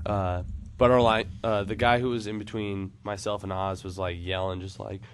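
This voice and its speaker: A man's voice: fairly low pitch, level tone, normal speed, a little hiss or hum. A man telling a long funny story on a casual podcast, rambling with many fillers. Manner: rambling, lots of "like" and "uh", laughs at own story.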